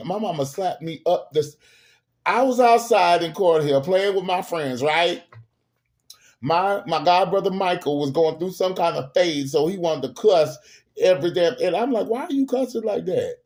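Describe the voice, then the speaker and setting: A man hosting a show, telling family stories in a casual, animated and emphatic way with salty humor. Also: a little high. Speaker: host. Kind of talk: casual storytelling monologue.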